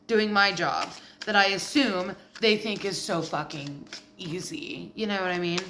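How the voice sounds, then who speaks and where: A woman's voice: medium pitch, a little slow, few pauses, bright, forceful tone, a little hiss or hum. A woman giving a casual tarot reading, blunt and profane, getting heated as she goes. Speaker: tarot reader.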